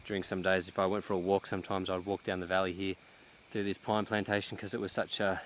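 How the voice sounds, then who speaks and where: A man talks slowly and thoughtfully into a handheld camera while out walking, restarting his sentences often. His voice sits a little low, and he sounds slightly short of breath. Faint outdoor noise runs beneath him. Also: little pitch movement, fairly bright tone. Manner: reflective, halting, many restarts and fillers. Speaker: vlogger. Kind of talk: casual vlog monologue. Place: outdoors in a cut-down pine plantation.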